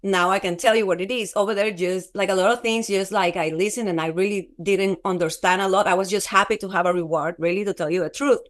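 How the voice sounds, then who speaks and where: A woman guest telling a personal testimony in an interview, halting and repeating herself, acting out quoted dialogue as she goes. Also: mid-range voice. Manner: halting, repeats words, restarts often; animated retelling with quoted dialogue.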